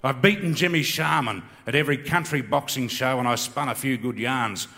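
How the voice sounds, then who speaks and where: A man's voice: mid-range voice, moderate pace, vocal fry, sharp tone. A middle-aged man with an Australian accent, rambling through a stand-up story and reciting a comic bush poem in a laconic way. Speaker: comedian and bush poet. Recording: long hall reverb.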